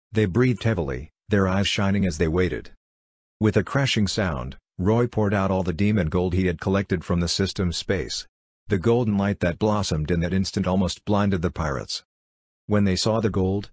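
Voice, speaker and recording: A man narrating an audiobook in a steady, even storytelling manner. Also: low-pitched, husky, dry recording, clean studio sound. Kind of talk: scripted narration.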